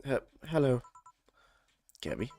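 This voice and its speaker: A man's voice: mid-range voice, very animated, slow pace, dark tone. A man with a German accent reading game dialogue aloud on a stream, tripping over words and swearing when annoyed.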